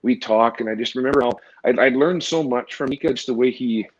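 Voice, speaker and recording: A man who is a former pro hockey goalie, telling rambling, animated stories with many restarts in a casual interview. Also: mid-range voice, fairly quick. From Canada. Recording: dull lo-fi audio.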